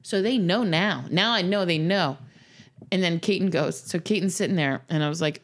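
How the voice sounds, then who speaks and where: A woman's voice: on the low side, moderate pace. A woman in her thirties telling a family story in casual chat, acting out the voices of the people in it. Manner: animated storyteller who acts out voices.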